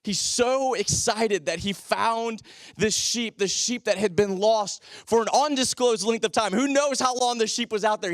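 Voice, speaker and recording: A man's voice: high voice, dry recording, studio quality. A man preaching a sermon as a teaching pastor, talking conversationally and asking the congregation rhetorical questions.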